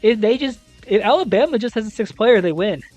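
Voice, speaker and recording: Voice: medium pitch, lively intonation, fairly quick, a little mellow, dry recording, soft background music. A young adult host recapping a college esports league, reading scores and ranting with exasperated disbelief and casual swearing.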